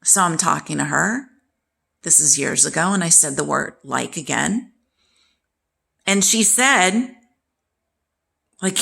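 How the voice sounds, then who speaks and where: A woman's voice: fairly low pitch, slow, gravelly, pauses often, fairly bright tone, husky. A woman in her sixties, talking candidly and emphatically to her viewers about family and self-worth. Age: 60s. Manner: candid and emphatic, acting out quoted relatives. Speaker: vlogger. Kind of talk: personal storytelling to camera.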